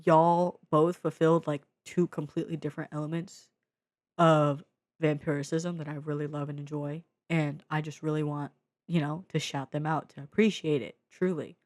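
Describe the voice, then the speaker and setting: Low-voiced excitable young woman reviewer. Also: normal speed, no echo. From Bay Area, US. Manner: excitable, swears freely, slangy, many fillers. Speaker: vlogger reviewing media. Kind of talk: casual media review. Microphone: own desk mic.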